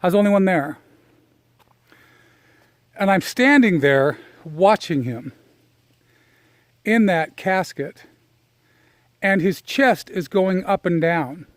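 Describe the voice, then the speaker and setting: A man's voice: high-pitched, lively intonation, no echo. Emotional man recounting a personal story. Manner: emotional, reflective, halting with fillers. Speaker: personal development speaker. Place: outdoors, walking on a property.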